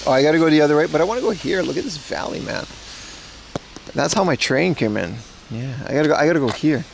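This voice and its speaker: Walking through a rainy mountain town, a livestream host from the Netherlands chats casually, rambling and laughing a lot. He sounds a little high, animated and quick, with vocal fry, and the rough recording carries a bit of hiss or hum.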